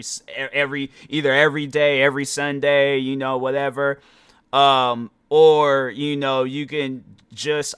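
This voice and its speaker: A man's voice: mid-range voice, fairly bright tone, clean tone, no room sound. A tired young man hosting his own podcast, talking casually and rambling, often stumbling over his words. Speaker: podcast host. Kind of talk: casual solo podcast monologue.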